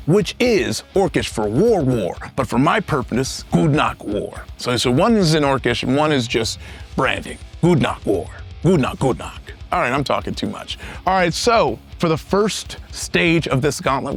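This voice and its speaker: A young man hosting a tabletop card game show, energetic and jokey in casual banter. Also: medium pitch, normal speed, slightly rough, faint music behind. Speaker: host.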